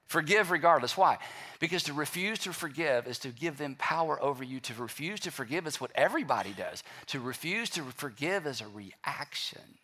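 A man's voice: mid-range voice, fairly quick, pushed and bright. A male pastor giving a sermon in a conversational way, acting out people's inner voices as he speaks.

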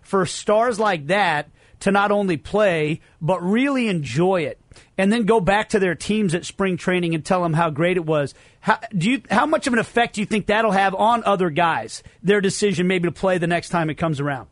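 A man hosting a sports radio show, asking energetic, quick questions. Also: high-pitched, dry recording.

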